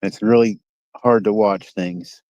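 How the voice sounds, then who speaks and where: A man's voice: fairly low pitch, steady tone, slow, a little mellow, no room sound. A rambling, folksy man with a Midwestern American accent talks to his live-stream viewers from a lakeside dock. The sound is dull and lo-fi, with a dry, close feel and no room around it. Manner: rambling, folksy, chats to viewers and reads comments. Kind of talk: casual live-stream chat while fishing. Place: outdoors by a lake dock. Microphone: phone.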